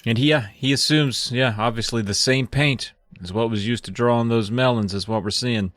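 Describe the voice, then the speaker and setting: A man's voice: mid-range voice, normal speed, a bit bright, no echo, clean studio sound. A man co-hosting a comedy podcast, rambling through a story recap, losing his place and laughing at his own jokes. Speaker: podcast co-host retelling a book. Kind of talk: casual comedic chat.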